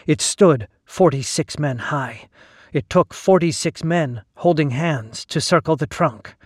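A man narrating a scripted first-person story, reading in a measured, solemn manner. His pace is slow and unhurried, and the sound is dry and close, with no room echo. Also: fairly high pitch, husky.

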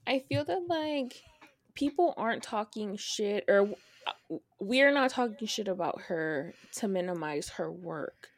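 Woman podcast co-host, animated pitch, emphatic, dry close sound. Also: measured pace, dry recording. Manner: emphatic, swears, bursts into loud laughs. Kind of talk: casual podcast chat.

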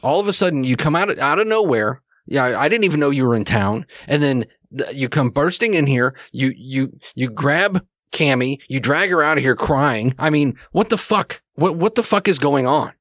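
A man's voice: mid-range voice, expressive, normal speed, few pauses, fairly bright tone, dry recording, clean studio sound, pitched above the performer's own voice, lightly acted. A man voicing an exasperated arguing mother. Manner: pleading, exasperated, swearing. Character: upset mother arguing with her ex, woman, adult.

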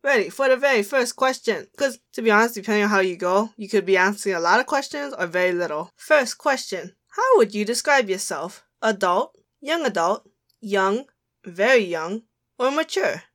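A woman co-hosting a podcast, reading out quiz questions in a quick, teasing way and laughing often. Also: mid-range voice, lively intonation, fairly bright tone. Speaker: podcast co-host running a quiz. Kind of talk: casual podcast chat.

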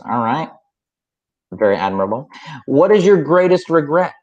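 A man hosting a casual podcast, reading questions briskly with quick playful quips, over a remote call. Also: on the high side, very animated, a little mellow, muffled recording. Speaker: podcast host asking questions.

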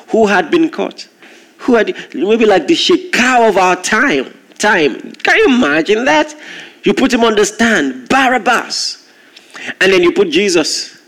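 A man preaching a sermon, telling a story with lively, animated delivery and acting out the voices in it. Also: high-pitched.

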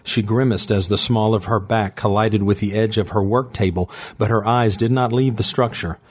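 A man narrating fiction in a steady, measured storytelling manner. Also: fairly low pitch, slightly rough.

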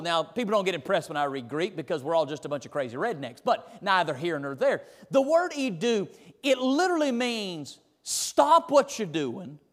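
A man, preaching a sermon in an animated, folksy, emphatic way, recorded in a church sanctuary. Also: high voice. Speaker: pastor. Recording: reverberant church hall.

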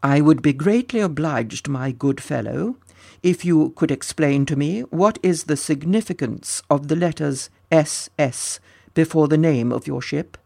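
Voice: mid-range voice, measured pace, creaky, darkish tone, no echo. A storyteller voicing a queenly, commanding woman who speaks in a stately, pompous manner. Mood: imperious.

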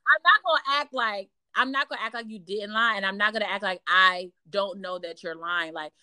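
A woman's voice: medium pitch, brisk, clear, resonant tone. A woman in casual chat, telling a dating story with emphatic repetition and mocking impressions of others. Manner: animated, emphatic, repeats phrases, mimics others in mocking voices.

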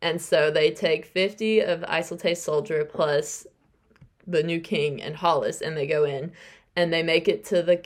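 A woman's voice: low-pitched, fairly even intonation, measured pace. A young adult woman hosting a podcast, casually recapping a novel's plot in a chatty way and acting out the characters' lines. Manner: chatty, acts out characters' lines while retelling. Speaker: podcast host.

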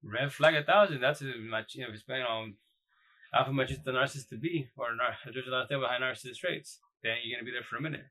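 Dude on a live stream giving blunt advice, slangy, bright sharp tone. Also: male voice, mid-range voice, fast, rough recording. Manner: blunt, slangy, loose and repetitive. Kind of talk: casual live-stream chat. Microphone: phone or computer mic on a live stream.

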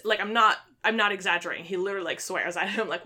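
Bright-voiced young woman retelling a story. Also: mid-range voice, expressive, fairly quick, hardly any pauses. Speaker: book reviewer. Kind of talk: casual chat.

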